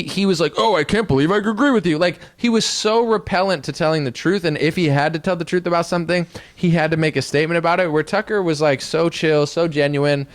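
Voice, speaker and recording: A man with a fairly high voice talking in a loose, slangy ramble as an interview guest. He piles on asides and gets animated about whatever he is telling. The sound is close and dry. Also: no room sound. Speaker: interview guest, hip hop artist. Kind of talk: casual interview chat.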